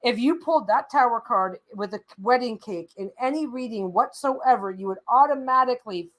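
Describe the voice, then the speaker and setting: A high-voiced woman ribs her co-host on a live stream, blunt and playfully exasperated. She swears casually and piles on the jokes in quick bursts. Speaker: co-host of a tarot livestream.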